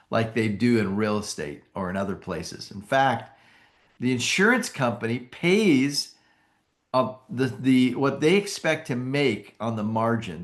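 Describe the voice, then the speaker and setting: A man giving an enthusiastic sales pitch on an opportunity call, often restarting and correcting his phrases. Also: fairly bright tone. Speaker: company presenter pitching annuity sales.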